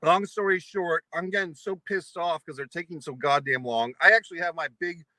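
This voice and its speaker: A man's voice: on the high side, brisk, bright, forceful tone, no echo, rough recording. A man from New England ranting at length, angry and profane, in a vlog monologue. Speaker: vlogger. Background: eating pizza.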